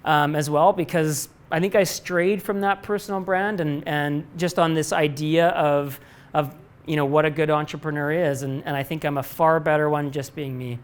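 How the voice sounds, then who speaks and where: Before a live audience in a lecture room, a middle-aged company president answers questions from students, rambling honestly, frequently starting over, and cursing casually. His fairly high voice is steady, clear, and resonant, at a normal pace.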